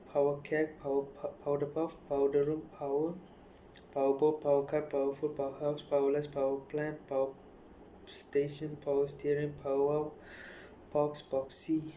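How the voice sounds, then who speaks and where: A man reading dictionary headwords aloud one after another in a rapid, monotone list. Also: on the high side, slight background noise. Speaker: youtuber.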